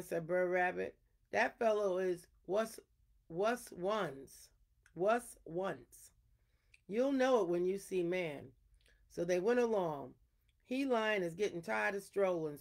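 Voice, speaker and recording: A woman reading an animal folk tale aloud in an unhurried storytelling manner, her throat a little irritated. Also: on the low side, creaky.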